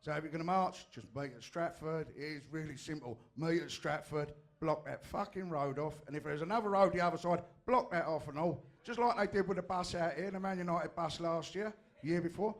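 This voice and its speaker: A man speaks from the floor of a meeting. He is plain-spoken and sweary, and his voice sits a little high. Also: fairly quick, few pauses. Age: 60s. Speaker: audience member.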